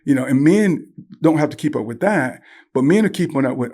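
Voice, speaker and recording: An older man, a guest on a podcast interview, telling animated stories and acting out the voices he quotes. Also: mid-range voice, a little fast. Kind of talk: conversational interview.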